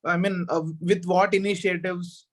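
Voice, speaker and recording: A young-sounding man speaks up as a student in an online coaching class. His voice is high for a man. He fumbles and starts over as he works through his answer. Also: flat delivery, normal speed, rough recording. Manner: hesitant, full of fillers and restarts. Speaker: exam aspirant student.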